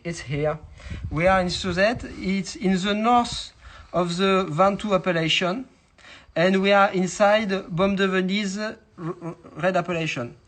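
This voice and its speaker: French-accented man, halting. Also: high voice, a bit bright, low-quality recording. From France. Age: young adult. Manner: halting, many filler sounds and restarts. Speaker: winemaker giving a vineyard tour. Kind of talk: casual guided talk. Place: outdoors in a vineyard.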